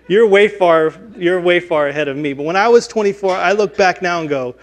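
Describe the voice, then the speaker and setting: A man's voice: high voice, moderate pace. A man in his forties, a pastor giving an earnest, conversational, self-deprecating sermon in a church. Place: church sanctuary.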